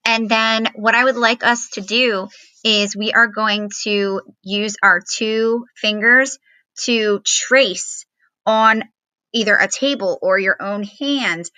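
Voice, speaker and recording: A woman teacher giving a remote phonics lesson to young children, slowly sounding out letters and syllables in a patient, encouraging way. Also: medium pitch, bright, forceful tone, no echo.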